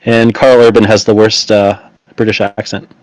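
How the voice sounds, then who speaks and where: A man's voice: lowish voice, flat delivery, moderate pace, no room sound, poor audio. A man co-hosting a casual hobby chat, dropping dry, teasing one-liners. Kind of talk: casual chat while assembling miniatures.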